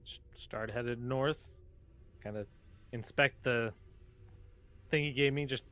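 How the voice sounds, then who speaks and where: A man's voice: mid-range voice, slow pace, sharp tone. A man playing in a tabletop game, talking hesitantly with many fillers. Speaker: player. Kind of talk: casual tabletop play.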